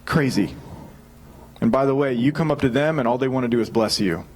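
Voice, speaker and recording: A man in his thirties preaching a sermon, telling a personal story in an energetic, joking way. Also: medium pitch, a little fast, slight background noise. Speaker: pastor.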